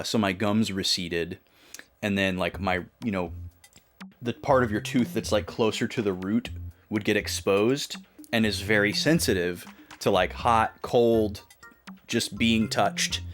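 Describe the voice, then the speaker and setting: Young man, lowish voice, loose rambling chat host, faint music underneath. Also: fairly bright tone. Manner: rambling, filler-heavy, conversational. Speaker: podcast co-host. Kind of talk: casual chat.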